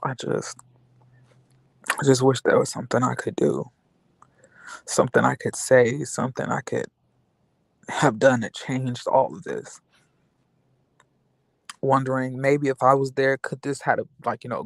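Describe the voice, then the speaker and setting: A man's voice: medium pitch, creaky, no echo. A young man vlogging, telling a personal story in a rambling, candid way with many fillers. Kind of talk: casual venting monologue.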